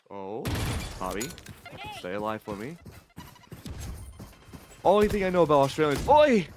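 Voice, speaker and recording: A male esports caster with a fairly high voice that swings up and down as he gets excited. He jokes freely between calls. Faint game noise sits behind him. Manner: goofy, animated, joking. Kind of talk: excitable commentary.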